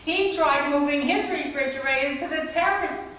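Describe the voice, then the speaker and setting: A woman's voice: sits high, moderate pace, slight background noise. A woman playing a rambling old neighbor lady. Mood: droll. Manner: meandering deadpan storytelling, broken grammar. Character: chatty older woman neighbor, rambling and droll. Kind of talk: amateur stage sketch. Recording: echoey stage recording from far off.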